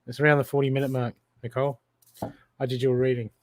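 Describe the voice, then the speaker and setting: A man's voice: medium pitch, little pitch movement, fast, a little hiss or hum. Australian male intuitive reader, live-stream readings, direct address, keeps checking in with the viewer.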